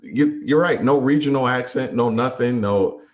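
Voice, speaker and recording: A man's voice: mid-range voice, moderate pace. A man co-hosting a podcast about movies, thinking aloud in casual chat, often restarting his sentences. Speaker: podcast co-host.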